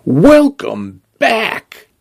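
A man voicing a cheerful, once-fussy robot grocery store that has taken in a dog, in a bright, fond manner. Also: mid-range voice, sing-song, slow pace, vocal fry, slightly rough, no echo, heavily acted. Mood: cheery.

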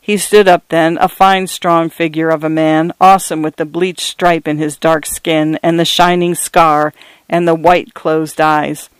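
Male story narrator, earnest and measured, smooth resonant tone, close dry sound. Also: a little high, flat delivery, no echo, low-quality recording.

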